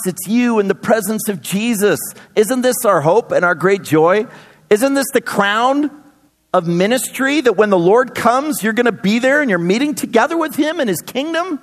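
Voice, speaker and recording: A man in his thirties preaching a sermon in a church, energetic, with sudden loud bursts. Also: high voice. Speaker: pastor. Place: church sanctuary. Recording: long hall reverb.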